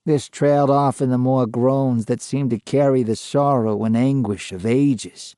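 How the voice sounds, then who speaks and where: A man narrating a scripted ghost story in a measured, unhurried way. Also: medium pitch, mellow, no echo, clean studio sound.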